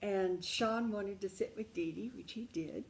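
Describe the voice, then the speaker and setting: A woman's voice: mid-range voice, a little slow, gravelly, rough recording. An older woman telling a personal life story in an intimate, emotional way, calling the listener darling and sometimes dropping to a whisper. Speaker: memoir storyteller.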